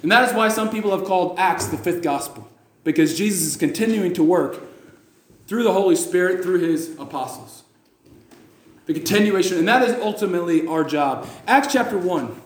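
A man's voice: sits high, lively intonation, normal speed. A man preaching a sermon, emphatic, repeating phrases and restarting often, reading scripture in old-fashioned wording. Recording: echoey church hall.

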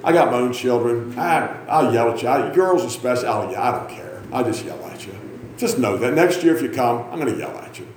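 A man in his fifties preaching a loud, self-mocking sermon in a church, breaking into sudden shouts. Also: medium pitch, brisk, roomy sound, a little hiss or hum. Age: 50s. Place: church sanctuary.

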